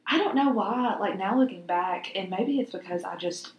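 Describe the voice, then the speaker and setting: A woman's voice: medium pitch, animated, moderate pace, roomy sound, rough recording. A woman, co-hosting a faith podcast in a chatty, laughing, often sarcastic way. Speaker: podcast co-host. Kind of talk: casual faith podcast chat.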